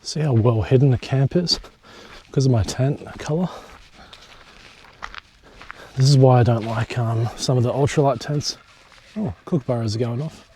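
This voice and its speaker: A young man vlogs his camping trip outdoors, talking straight to a nearby camera. His voice is mellow and dark, sitting at an ordinary middle pitch. He chats loosely, cracks jokes and drops the odd swear word. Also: normal speed, long pauses, a little hiss or hum. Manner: chatty, joking, swears casually. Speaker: hiking vlogger. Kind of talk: casual solo vlog to camera. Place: outdoors in bush at a campsite.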